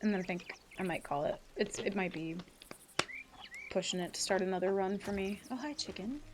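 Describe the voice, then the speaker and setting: Gaming on a live stream, this woman talks casually with her audience, cursing freely and laughing often. She speaks briskly in a medium pitch against a noisy background.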